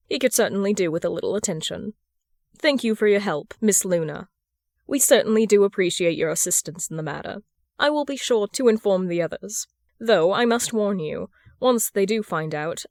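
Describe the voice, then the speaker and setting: A woman voicing a courteous older gentleman. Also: mid-range voice, expressive, moderate pace, no echo, studio quality, close to an everyday voice. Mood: gracious. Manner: formal and courteous. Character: older gentleman with slight accent, polite.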